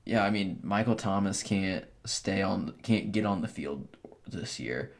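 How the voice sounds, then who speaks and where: A man's voice: low voice, a little slow. A man co-hosting a casual sports podcast, giving offhand, rambling opinions with frequent restarts.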